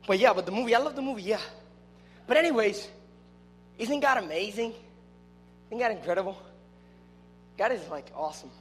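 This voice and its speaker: A young man giving a casual, playful youth sermon, joking and breaking into loud excited shouts. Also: high-pitched, a little hiss or hum. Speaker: youth preacher. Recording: long hall reverb with faint music.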